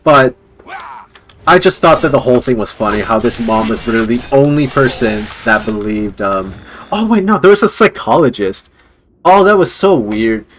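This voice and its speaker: A man's voice: mid-range voice, animated, normal speed, a bit bright, slight background noise. Rambling casual male streamer. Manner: rambling, full of "like" and chuckles.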